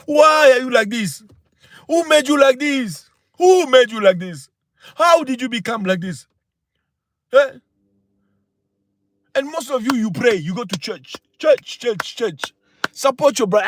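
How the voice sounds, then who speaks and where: A man's voice: very high-pitched, expressive, measured pace, pauses often, a bit bright, slight background noise. A man hosting a livestream, talking in an impassioned, preachy way with many rhetorical questions. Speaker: channel host. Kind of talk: livestream talk.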